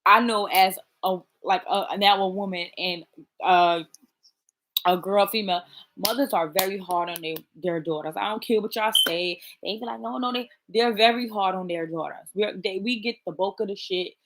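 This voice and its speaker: A woman's voice: mid-range voice, steady tone, normal speed, a bit bright. A woman chatting casually to her viewers, blunt and profane, talking straight to them. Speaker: vlogger. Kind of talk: casual chat to camera.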